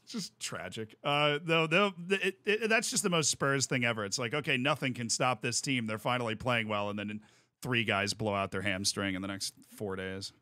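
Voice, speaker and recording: A man's voice: medium pitch, moderate pace, bright, forceful tone, no room sound. An American man hosting a stream, chatting casually in a rambling, playful way that keeps interrupting itself. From United States. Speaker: streamer host. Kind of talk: casual chat.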